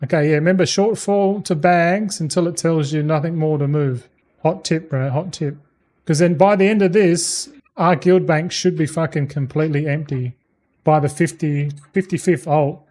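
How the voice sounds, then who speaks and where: A man streaming a game, chatting in a relaxed, rambling way with plenty of swearing and stories. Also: fairly high pitch, normal speed. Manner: swears freely, tells anecdotes; laid-back, loose and chatty. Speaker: gaming streamer. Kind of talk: casual rambling stream chat.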